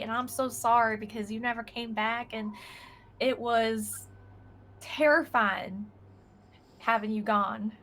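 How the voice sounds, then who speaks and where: A woman's voice: fairly high pitch, bright, forceful tone, slight background noise. A woman voicing a timid young girl adventurer who rambles nervously to her brother, in a tabletop role-play game.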